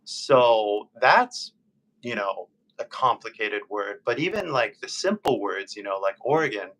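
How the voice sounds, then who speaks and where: A man with a Californian American accent, chatting casually on a live stream as an English tutor, patient and full of fillers, repeating questions slowly. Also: on the low side, expressive, a bit bright, low-quality recording. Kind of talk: live-stream conversation practice.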